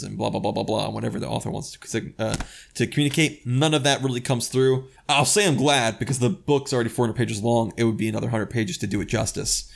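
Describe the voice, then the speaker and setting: A man's voice: mid-range voice, fairly even intonation, fast, gravelly. A man co-hosting a podcast, talking about a book in a rambling, enthusiastic way and often restarting his sentences. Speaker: podcast co-host reviewing a book. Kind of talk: casual discussion.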